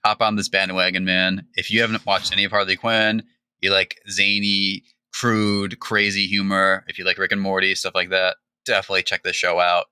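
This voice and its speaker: A man's voice: low voice, normal speed, clear, resonant tone, no room sound. A young man co-hosting a podcast, chatting casually with stammering restarts. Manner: stammering restarts, relaxed enthusiasm. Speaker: podcast co-host. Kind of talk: casual chat.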